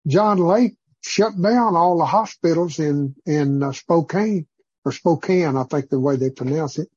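A man's voice: fairly high pitch, steady tone, moderate pace, darkish tone, breathy edge, dry recording, highs cut off. A man leading an informal church group, teaching in a rambling, preacherly way with many fillers. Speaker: group leader.

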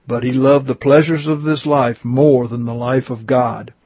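A man reads a religious testimony aloud, earnest and slow, with small stumbles and asides. His voice is husky and breathy. The recording is dry and lo-fi, with no room sound. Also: mid-range voice, no room sound. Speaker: reader.

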